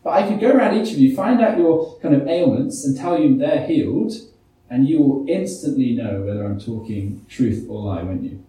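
A man's voice: medium pitch, animated, normal speed, mellow. A man preaching a sermon, reading scripture and putting many rhetorical questions to the congregation. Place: church. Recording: echoey church hall, mic from a distance.

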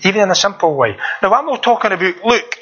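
Brief: earnest male preacher, high and bright voice, plain repetitive delivery, dull lo-fi recording. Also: expressive, quick pace, slightly rough. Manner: earnest, repetitive, conversational preaching with rhetorical questions. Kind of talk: sermon.

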